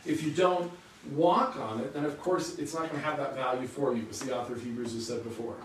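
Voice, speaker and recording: A man's voice: mid-range voice, a little fast, heavy reverb, distant mic, a little hiss or hum, rough recording. A man preaching a sermon, teaching earnestly and asking rhetorical questions. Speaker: pastor.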